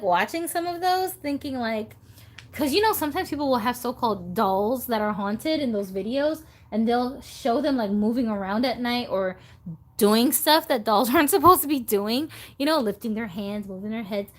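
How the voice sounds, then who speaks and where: A woman hosting a casual live stream about doll collecting, chatty and giggly. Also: medium pitch.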